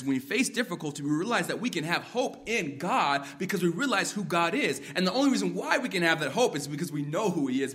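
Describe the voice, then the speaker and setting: Man preaching an expository sermon. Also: a little high. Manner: builds from quiet reflection to emphatic exhortation. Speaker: pastor.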